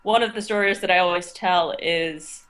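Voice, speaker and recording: Soft-pitched woman telling classroom stories. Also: normal speed. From United States. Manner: thoughtful, storytelling, frequent restarts. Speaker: interviewed teacher. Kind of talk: casual interview talk.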